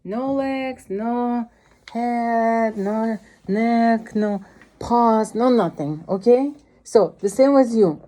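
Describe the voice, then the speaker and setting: A woman's voice: fairly high pitch, extremely slow, warm tone. A Russian-accented woman teaching piano to a young child, encouraging her with vivid imagery and sing-song cues.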